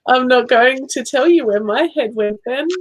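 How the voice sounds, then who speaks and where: A woman's voice: high voice, normal speed, a little hiss or hum. A woman co-hosting a live card-reading show, chatting and making light, laughing asides. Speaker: co-host. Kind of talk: live-stream chat.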